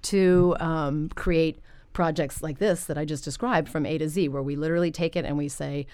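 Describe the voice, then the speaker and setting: Low-voiced, enthusiastic woman podcast guest. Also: smooth, dry recording. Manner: enthusiastic, animated, talks fast when excited. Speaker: guest, voice-over and translation business owner. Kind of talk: casual conversational interview.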